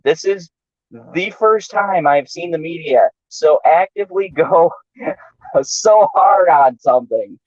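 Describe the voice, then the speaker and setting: A man's voice: mid-range voice, no echo, muffled recording. A man talking casually as a guest on a live stream, hesitant and full of fillers. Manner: hesitant, lots of fillers and restarts. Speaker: guest co-host. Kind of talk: casual chat.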